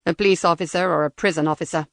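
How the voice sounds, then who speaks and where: A woman's voice: fairly low pitch, racing, vocal fry, no room sound, clean studio sound, pitched below the performer's own voice. A woman reading an audiobook voicing a cold interrogator with a disguised robotic voice. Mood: menacing. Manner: cold, flat, threatening.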